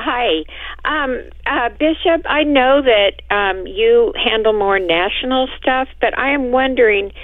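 A woman's voice: on the high side, no room sound. A woman calling in to a radio show over the phone, talking hesitantly with many fillers. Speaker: caller. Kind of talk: phone-in call. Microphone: telephone. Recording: tinny phone line.

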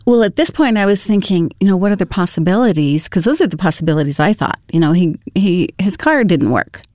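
Woman, mellow tone, conversational storyteller, dry studio sound. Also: on the low side, expressive, brisk, dry recording. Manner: conversational, full of fillers and self-corrections. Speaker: guest telling her story. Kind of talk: personal testimony storytelling.

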